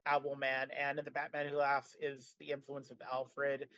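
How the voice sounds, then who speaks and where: A man's voice: mid-range voice, moderate pace, highs cut off. A man co-hosting a podcast in casual chat, talking animatedly and filling his sentences with "like". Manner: animated, frequent "like" fillers. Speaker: podcast co-host.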